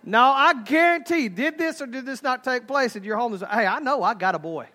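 A Texan pastor preaching to his church, folksy and quick to tell comic stories. His voice is very high and bright for a man. It sounds sharp and forceful when he drives his points home. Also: slight background noise. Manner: folksy, humorous, animated storytelling. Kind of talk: sermon.

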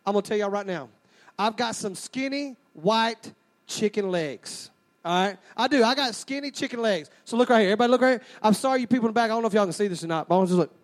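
A man's voice: sits high, racing, hardly any pauses. A man preaching a sermon, folksy and joking as he calls out to the crowd.

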